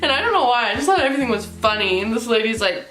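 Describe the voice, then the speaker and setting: A young woman vlogger telling a story casually, animated and giggly, full of fillers. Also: on the high side, rapid-fire. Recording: roomy with faint music.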